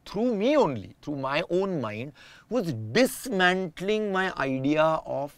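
A man speaks as an interview guest, thinking out loud in long, winding sentences. His voice sits a little high for a man. The recording is dry and close. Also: sing-song, slow pace, dry recording. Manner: reflective, explains at length with restarts. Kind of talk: casual conversation.

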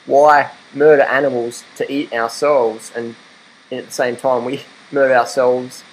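A man's voice: medium pitch, flat delivery, a little slow, slight background noise, poor audio. A young Australian man in a casual vlog, rambling and laughing as he talks to his dog and argues his point. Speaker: vlogger. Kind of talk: casual rant to camera.

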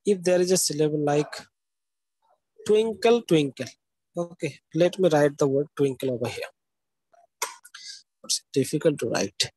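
Man lecturing, slightly husky voice. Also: fairly high pitch, moderate pace, long pauses, dark tone, no echo, poor audio. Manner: explanatory, checks understanding with frequent "okay?"; spells out words letter by letter. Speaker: university lecturer. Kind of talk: live online lecture.

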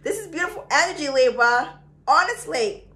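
A woman giving a chatty, excitable tarot reading to her viewers, her throat sore and coughing now and then. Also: high-pitched, moderate pace. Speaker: tarot reader. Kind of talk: casual astrology reading to camera.

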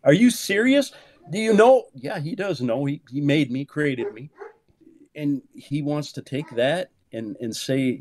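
A man in his fifties, a pastor, talking in an animated preaching way, swinging from low murmurs to loud, high exclamations and leaning on "man" for emphasis. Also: a little slow. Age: 50s. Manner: peppers speech with "man", repeats words for emphasis.

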